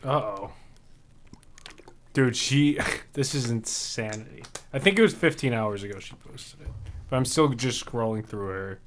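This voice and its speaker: A man's voice: mid-range voice, expressive, unhurried, slight background noise. A man co-hosting a podcast in casual chat, reading messages aloud from his phone and laughing between lines. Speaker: podcast co-host.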